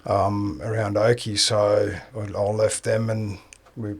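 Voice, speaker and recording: A man's voice: on the low side, little pitch movement, slow pace, creaky, breathy edge. A man with a South African accent, a podcast guest chatting casually and answering in short, trailing phrases. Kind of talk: casual chat. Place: sauna.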